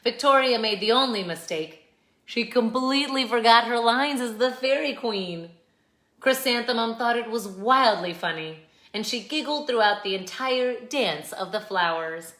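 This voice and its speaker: Slow, expressive woman reading aloud. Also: a little high. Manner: expressive, chatty asides to viewers. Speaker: children's book reader, channel host. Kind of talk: read-aloud storytelling. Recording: echoey room.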